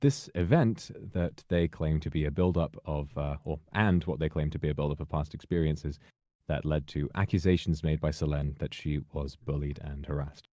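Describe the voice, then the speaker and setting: A man reading a prepared public statement in a measured, formal, carefully worded way. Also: very deep voice, warm tone, no echo, studio quality. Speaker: person giving a public statement.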